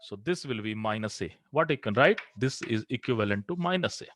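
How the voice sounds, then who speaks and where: A man's voice: medium pitch, expressive, fairly quick, fairly bright tone, no room sound, soft background music. A man teaching physics in a classroom. He works through equations step by step and asks the class questions that he then answers himself. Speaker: physics lecturer. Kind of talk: classroom lecture.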